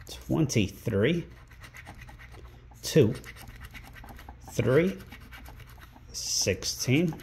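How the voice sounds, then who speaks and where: Indoors at a rental home, a scratch-ticket channel host narrates his vlog, calling out the numbers one by one at an unhurried, drawn-out pace. His mid-range voice is mellow, soft-edged, and creaky, and he bursts into excited exclamations. A faint hiss sits in the background.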